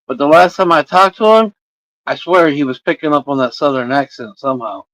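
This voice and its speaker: Hosting a livestream on a streaming setup mic, a man in his forties from Indiana chats loosely with viewers, rambling and swearing nonstop. He talks briskly in a fairly high, fairly bright voice; the audio is poor, with no room sound.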